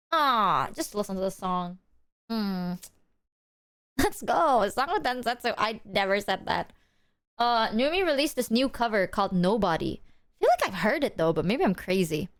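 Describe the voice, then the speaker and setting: A woman livestreamer talks casually to her chat. Her voice sits high and bright in pitch, and her manner is playful and teasing, full of laughs and loose swearing. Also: lively intonation, moderate pace, clean tone.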